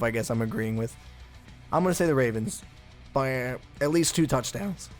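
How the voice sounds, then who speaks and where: A man commentating his own football video game play in a casual, chatty way, thinking aloud with blunt asides. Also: mid-range voice. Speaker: gaming channel host.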